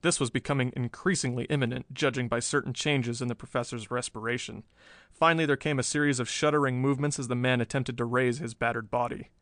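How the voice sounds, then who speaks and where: A man reading a pulp thriller aloud as scripted narration, steady and measured, lifting his voice at the dramatic turns. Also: medium pitch, no room sound, clean studio sound. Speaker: audiobook narrator.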